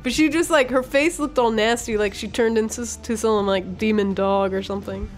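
A woman's voice: a little high, steady tone, brisk. A woman in casual chat, retelling events in a chatty, laughing way, full of "like". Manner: laughing, chatty, heavy use of "like".

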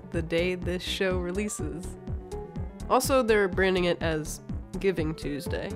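A woman's voice: lowish voice, moderate pace, over music. A woman co-hosting a podcast, chatting in a teasing, casual way with lots of fillers. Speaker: podcast co-host. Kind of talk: casual chat.

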